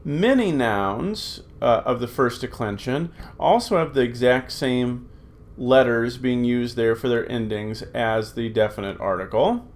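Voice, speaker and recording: A man's voice: medium pitch, a little slow. Middle-aged male teacher, mid-range voice, patient and repetitive, lots of filler sounds. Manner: patient, repeats forms aloud with many fillers. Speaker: Greek teacher. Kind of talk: recorded classroom lesson.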